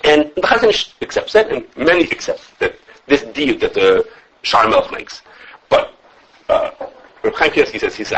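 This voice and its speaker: A man who teaches a class on religious law. He lectures with lively animation, thinks aloud, restarts his sentences, and quotes his sources as he takes questions from students. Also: fairly high pitch, moderate pace, lo-fi sound. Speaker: rabbi teaching a halacha class.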